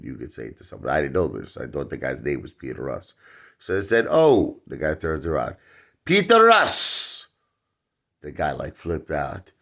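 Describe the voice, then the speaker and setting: A man's voice: extremely low pitch, vocal fry. A middle-aged man telling a comic anecdote in a rambling way, full of fillers, acting out the quotes. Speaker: storyteller.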